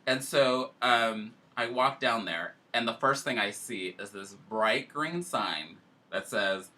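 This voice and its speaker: A man with a very bright, forceful tone tells his story with feeling, and his pitch swings widely as he goes. He talks casually and emotionally, like a host chatting on a show. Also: lively intonation, slow pace. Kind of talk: casual chat.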